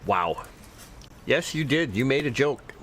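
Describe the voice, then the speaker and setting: A man narrating his own gameplay in a loose, chatty stream, his pitch bouncing freely up and down. He reads item names and skill text aloud between playful jabs at his viewers. His voice sits at an ordinary middle height, with a faint bed of room noise underneath. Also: animated, a little slow, fairly bright tone. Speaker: livestreamer. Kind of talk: casual gameplay commentary.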